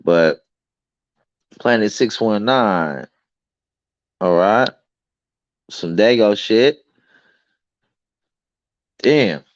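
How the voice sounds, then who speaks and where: A man's voice: lowish voice, animated, extremely slow, long pauses, dry recording, dull audio. A man hosting a late-night livestream chat, blunt and profane, acting out both sides of his arguments. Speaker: livestream host.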